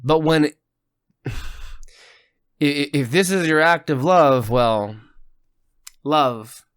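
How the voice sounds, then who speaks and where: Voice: mid-range voice, extremely slow, clear, resonant tone, no echo. A podcast co-host reacting to a TV episode in casual talk, circling around ideas with false starts and second thoughts. The voice sits mid-range and is recorded close and dry, with almost no room sound. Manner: thinks aloud with restarts and hedges.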